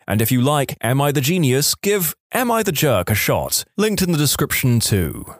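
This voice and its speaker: A man's voice: medium pitch, big pitch swings, moderate pace, no room sound, studio quality. A man narrating online stories as the host of a story channel, with wry asides. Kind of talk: reading reddit stories aloud.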